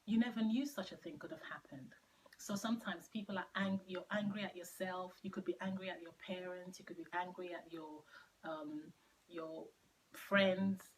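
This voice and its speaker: A woman's voice: lowish voice, steady tone, normal speed, slight background noise, low-quality recording. A middle-aged woman giving an earnest faith-based teaching talk, repeating key phrases for emphasis and sinking to near-whispers on painful words. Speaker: Christian speaker sharing her testimony.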